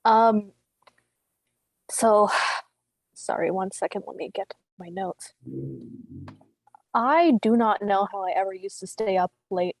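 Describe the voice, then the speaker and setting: A woman's voice: medium pitch, steady tone, slow, pauses often, dry recording, low-quality recording. A woman in her thirties from Canada doing rambling, self-deprecating stand-up comedy over a video call at a virtual open mic, laughing between her lines. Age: 30s.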